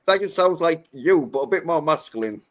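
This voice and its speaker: A man's voice: fairly high pitch, lively intonation, a little fast. A man hosting a casual livestream chat. He teases his guest crudely and repeats himself. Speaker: livestream host.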